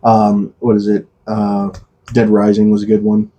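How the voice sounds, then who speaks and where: A man chatting casually on a podcast. His voice is husky and dark in tone, and he rambles loosely and swears often while ribbing his friend. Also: lowish voice, monotone, measured pace, lo-fi sound. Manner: rambling, swears freely, teasing. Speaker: podcast co-host. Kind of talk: casual chat.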